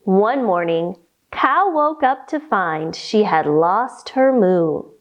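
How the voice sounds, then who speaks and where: A woman leading a children's storytime with yoga instruction, reading aloud in a playful, expressive way. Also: mid-range voice, lo-fi sound. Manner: animated, playful, slow and expressive.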